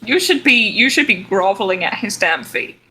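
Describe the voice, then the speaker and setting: Woman player, bright voice, chatty game-table talk. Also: mid-range voice, animated, moderate pace, slightly rough, low-quality recording. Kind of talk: casual tabletop game play.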